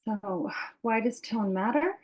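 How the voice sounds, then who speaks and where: A woman presenting a webinar on a video call, relaxed and filling pauses with "okay". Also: fairly high pitch.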